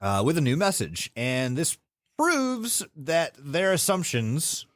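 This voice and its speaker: A man's voice: a little high, huge pitch swings, takes it slowly, a bit bright, no echo, clean studio sound. Laughing man telling a story. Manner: laughing, self-correcting, profane. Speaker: podcast co-host, storyteller. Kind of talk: casual comedic storytelling.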